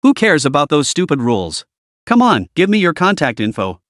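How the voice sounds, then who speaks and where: A man's voice: fairly high pitch, huge pitch swings, normal speed, a bit bright, no room sound, clean studio sound. A man voicing a rude, demanding, wealthy middle-aged man on a plane in a story read. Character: pushy balding rich middle-aged man.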